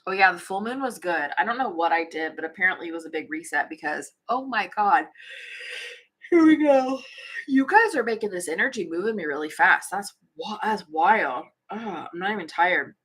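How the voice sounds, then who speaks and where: A spiritual channel host runs a casual livestream on a phone or webcam, reading comments and chatting bubbly with viewers while yawning often. Her lowish, fairly bright voice is slightly rough, with lively intonation, a little fast and with few pauses.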